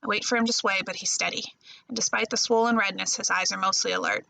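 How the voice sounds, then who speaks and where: A woman librarian reading a first-person novel chapter aloud in a steady storytelling voice. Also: mid-range voice, quick pace, creaky, low-quality recording. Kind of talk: audiobook-style novel reading.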